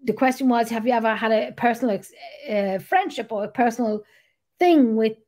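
This is a middle-aged woman, hosting a casual chat. Her voice sits on the high side, and she rambles along and swears freely. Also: brisk, darkish tone. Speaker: podcast host.

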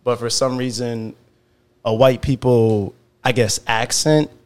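A man's voice: medium pitch, flat delivery, slow pace, clear, resonant tone. A young man co-hosting a podcast in casual, conversational chat, with lots of filler words. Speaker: podcast co-host.

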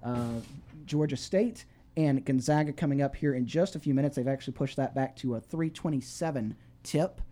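Chatty sports radio host, mellow voice. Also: male voice, mid-range voice, moderate pace. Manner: chatty, rambling with fillers and restarts. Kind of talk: casual sports radio talk. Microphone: studio microphone.

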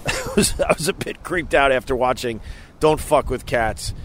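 A middle-aged man rambles through viewer comments on a livestream from a beach at sunset, chuckling often and swearing freely. His pitch sits in an ordinary middle range. Faint wind and outdoor noise hang behind his voice. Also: animated, measured pace, fairly bright tone. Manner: rambling, chuckling, loose and profane. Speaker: livestream host. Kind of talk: casual chat reading viewer comments.

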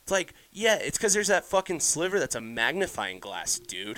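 A young man hosts a casual solo podcast, ranting heatedly and swearing constantly while often restarting his sentences. His voice is a little high and bright, with a sing-song lilt at normal speed.

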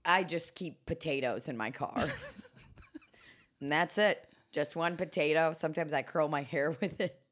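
Brief: woman podcast co-host, lowish voice, chatty, giggles a lot, casual swearing, studio mic. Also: normal speed. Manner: laughs often, swears casually. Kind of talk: casual chat. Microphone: studio microphone.

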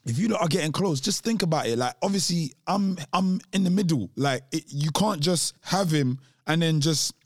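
A man's voice: fairly high pitch, animated, normal speed, hardly any pauses, dry recording, clean studio sound. Reflective man in his twenties. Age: 20s. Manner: reflective, thinks aloud with restarts. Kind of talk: casual discussion.

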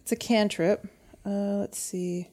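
A woman playing a tabletop game, quick and matter-of-fact as she states her moves. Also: mid-range voice, fairly even intonation, mellow. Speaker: player. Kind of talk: casual tabletop game play.

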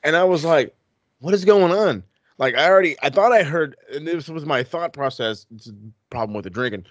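A man co-hosting a casual wrestling podcast, talking in an animated, profane way that swings into excited outbursts. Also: on the high side, a little fast, no echo, dull audio. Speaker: podcast co-host.

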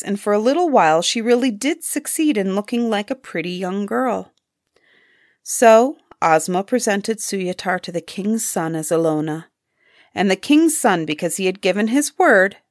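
Expressive woman reading a fairy tale. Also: mid-range voice, no room sound, studio quality. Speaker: storyteller. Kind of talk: scripted storybook narration.

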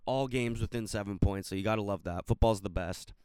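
Give me a young man ranting on his sports podcast, smooth and clear, dry close sound. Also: fairly quick, no echo. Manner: ranting, swearing, rising to near-shouts when angry; calmer, lower-key recap talk. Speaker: podcast host. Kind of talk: solo sports podcast commentary.

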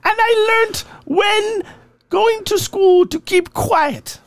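A man putting on an Irish woman's voice with an Irish accent, reading accounts of fairy meetings in a slow, lilting storyteller manner. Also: extremely high pitch, no echo, heavily acted. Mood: heartfelt. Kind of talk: reading listener stories aloud.

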